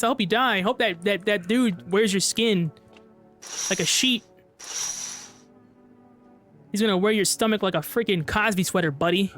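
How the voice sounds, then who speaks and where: A man hosting a gaming channel, giving loud, joking gameplay commentary full of trash talk. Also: sits high, normal speed, pauses often, soft background music.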